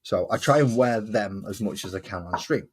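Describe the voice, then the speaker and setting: A man hosts a relaxed crafting livestream and talks in loose, rambling sentences, often stopping to correct himself. His voice sits a little low and has a husky edge. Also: normal speed. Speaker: livestream host. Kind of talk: casual livestream chat while crafting.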